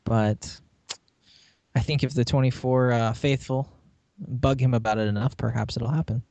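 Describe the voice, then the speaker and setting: A man's voice: mid-range voice, fairly even intonation, moderate pace, gravelly, darkish tone, no echo. A man co-hosting a podcast in casual chat, joking and laughing as he rambles. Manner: jokey, laughs often, rambling restarts. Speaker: podcast co-host.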